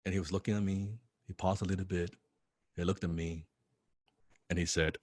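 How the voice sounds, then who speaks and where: A man with a fairly low voice tells a personal story in a casual motivational talk. He is animated and keeps stumbling into repeated words and little laughs. The sound is close and dry, with no room around it. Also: moderate pace, long pauses, no echo. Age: young adult. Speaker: business coach.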